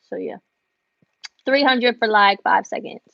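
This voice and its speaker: A woman's voice: medium pitch, a little slow, creaky, muffled recording, background noise. A middle-aged woman in a home craft studio, chatting casually with viewers on a live stream while she works on embroidery orders. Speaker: embroidery business owner hosting a live stream.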